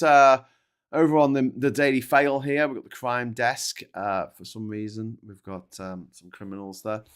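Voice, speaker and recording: A man's voice: mid-range voice, fairly bright tone. A man, hosting a casual livestream where he reads the papers and answers chat with jokey, sweary asides. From Liverpool, England. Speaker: show host.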